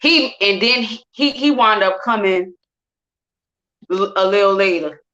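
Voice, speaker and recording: In an unhurried, mid-range voice, a woman tells an emotional story from her own life as a guest. She animatedly performs quotes in different voices, and the recording is dull and lo-fi.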